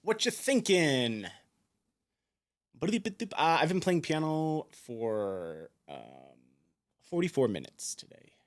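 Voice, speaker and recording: A man's voice: a little high, very animated, takes it slowly. A man live-streaming from his piano, chatting casually, reading viewers' messages aloud and humming to himself as he mulls them over. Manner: musing aloud, reading chat, humming, laughing. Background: soft background music.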